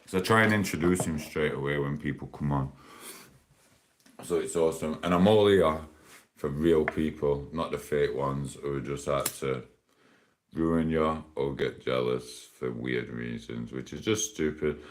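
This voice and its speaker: Very deep-voiced chatty man. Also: measured pace, a little hiss or hum. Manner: rambling, chatty, laughs often. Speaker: livestreamer. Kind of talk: casual live stream chat.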